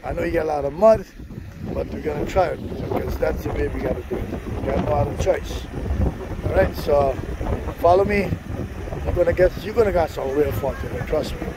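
Speaking a little fast in a higher-than-average voice, a man happily chats to vlog viewers while driving in rural bush country. The outdoor recording carries heavy engine and wind noise.

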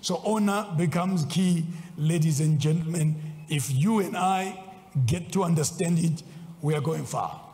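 A man preaching a sermon as a bishop, swinging between loud exclaims and low asides. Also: unhurried. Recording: long hall reverb.

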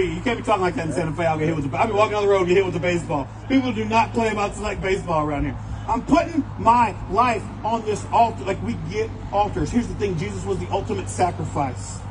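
A man preaching a sermon in a church, telling stories in an animated way and acting out the voices of other people. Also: high-pitched, slight background noise, low-quality recording. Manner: animated storytelling, acts out voices, fast bursts. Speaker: pastor.

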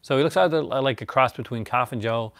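A man's voice: mid-range voice, quick pace, a bit bright, dry recording. A man hosting a casual, rambling chat about his movie collection, laughing often.

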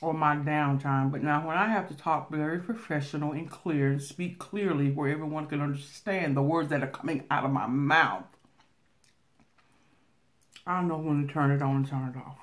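A woman with a Southern country drawl, telling a story casually as a vlogger while eating on camera, talking loudly and laughing loud. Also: low-pitched, normal speed.

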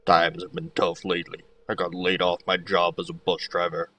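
A man voicing a glum, down-on-her-luck woman bus driver in a lowered husky voice. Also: monotone, normal speed, sharp tone, recorded from a distance, slight background noise.

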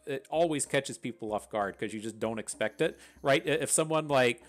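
A man's voice: mid-range voice, normal speed. A man from West Virginia with a thick Appalachian accent, chatting casually and rambling through gameplay commentary, swearing freely. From West Virginia, USA. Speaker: gaming channel host.

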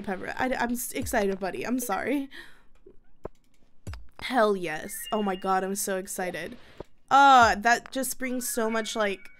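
A young woman casually commentating her gameplay, bubbly and excitable and chatting to her viewers. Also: medium pitch, a little hiss or hum. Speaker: gaming video host.

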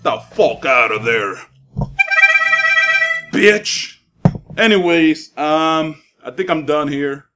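A man giving excitable, profane live commentary over his own game matches, trash-talking opponents and hyping his plays. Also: a little high, a little slow, few pauses, over music. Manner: excitable, profane trash talk, swings between hype shouts and mutters. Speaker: gaming YouTuber.

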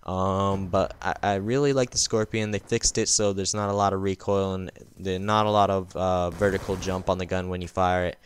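A tired man talking over his gameplay in a loose, rambling way, tripping over his words and reaching for ums. His voice sits on the low side and comes through smooth and clean. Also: level tone, moderate pace, few pauses. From United States. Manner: rambling, full of ums and restarts. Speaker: gaming channel host. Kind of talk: casual gameplay voice-over commentary.

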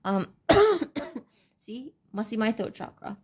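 A woman giving a casual, unscripted tarot reading, talking in a halting, rambling way with many fillers and restarts. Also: on the high side, big pitch swings, breathy edge. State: brain fog, stuttering. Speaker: tarot reader.

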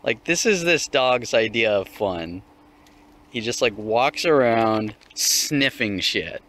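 A young man vlogs while walking his dog outdoors, ranting in a relaxed way, cursing a lot and laughing at it in a mocking tone. He speaks slowly in a mid-range, animated voice with a slightly bright quality.

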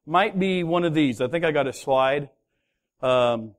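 A pastor preaching a sermon, telling a story with lively, acted-out voices of its characters. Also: male voice, fairly high pitch, measured pace. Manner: animated storytelling, acting out voices of the sailors. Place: church hall.

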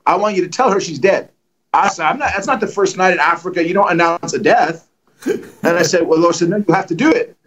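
A middle-aged man preaching, telling testimony stories in an animated way and acting out the dialogue. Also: sits high, a little fast, slight background noise, low-quality recording. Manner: animated, acts out dialogue with lively voices. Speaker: guest preacher. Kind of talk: storytelling testimony.

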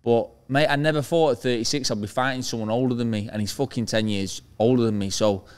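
Man in his thirties, podcast host, casual banter, jokey, cusses a lot, mid-pitched voice. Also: quick pace, clean tone. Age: 30s. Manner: swears freely, jokey.

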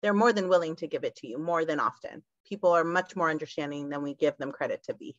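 A woman's voice: deep voice, quick pace, dry recording. Woman co-presenter on a dull, dry line. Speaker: workshop co-presenter. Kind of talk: online workshop talk.

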